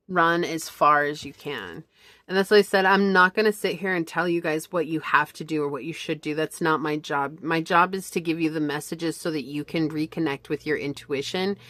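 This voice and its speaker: A woman's voice: low-pitched, fairly bright tone, no echo. A woman giving a chatty, reflective pick-a-card tarot reading, full of fillers and asides, hiccuping at times. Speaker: tarot reader.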